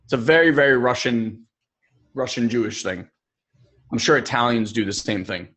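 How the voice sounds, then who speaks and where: A young adult man co-hosting a personal development podcast, telling stories in an animated way and acting out the people he quotes. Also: medium pitch, normal speed. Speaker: podcast co-host.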